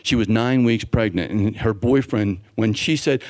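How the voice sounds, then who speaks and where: A man's voice: on the low side, normal speed, hardly any pauses, darkish tone. A man, a doctor speaking to a church audience, telling a story and acting out the voices of the people in it. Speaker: physician speaking at a church event. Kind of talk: storytelling talk.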